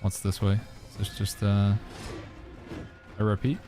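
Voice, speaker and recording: A man with a fairly low voice talks in a loose, relaxed way while he plays a game live, answering questions from his chat. He speaks over faint background music. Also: measured pace. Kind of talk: casual gaming commentary.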